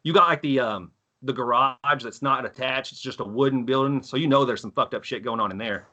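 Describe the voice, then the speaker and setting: A man in his thirties from Texas, telling stories on a podcast, profane and animated as he acts out quotes. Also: medium pitch, a little fast. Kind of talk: casual storytelling chat.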